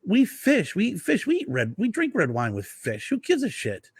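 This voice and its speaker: A man voicing a blunt, excitable little Italian man who used to work at a winery, speaking in a raised, emphatic voice. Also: high-pitched, moderate pace, breathy edge, no room sound, pitched above the performer's own voice, heavily acted. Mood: exasperated. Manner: exasperated, emphatic, profane.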